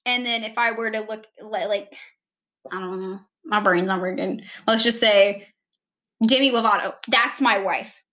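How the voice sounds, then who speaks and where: Giggly young woman with a bright voice. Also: mid-range voice, steady tone, moderate pace. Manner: rambling, giggly, self-deprecating. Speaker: vlogger introducing herself. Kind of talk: casual self-introduction.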